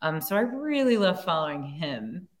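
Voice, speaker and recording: A woman actor as a podcast guest, telling a story in an animated, giggly way with lots of filler words. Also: lowish voice, normal speed. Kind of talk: casual storytelling chat.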